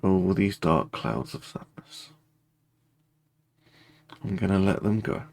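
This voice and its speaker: A man leading a guided tapping meditation, speaking slow, repetitive first-person affirmations. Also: low voice, animated, vocal fry, darkish tone.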